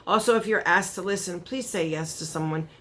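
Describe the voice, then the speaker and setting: A woman beauty vlogger unboxing a gift in a casual chat, gushing and excited, with heartfelt soft thank-yous. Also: fairly low pitch, a little fast, slight background noise. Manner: gushing, excited, chatty with many fillers.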